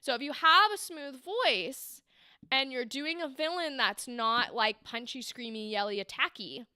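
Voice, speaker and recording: A woman's voice: sits high, expressive, measured pace, bright, forceful tone, clear, resonant tone, dry recording, studio quality. A woman hosting a livestream, chatty and enthusiastic, giving voice acting feedback and acting out example lines. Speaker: livestream host and voice acting coach.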